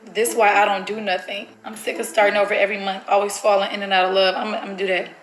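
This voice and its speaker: A woman's voice: medium pitch, flat delivery, quick pace, reverberant, noisy background. A woman vlogger, chatty and nervous, talking to viewers while pulling a prank. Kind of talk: casual vlog chat.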